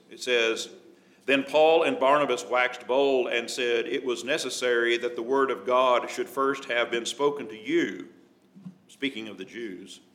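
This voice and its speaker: A man preaching a Bible study sermon, speaking in a measured way and reading scripture aloud in old-fashioned wording. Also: mid-range voice, a bit bright. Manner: measured, reads scripture in King James wording.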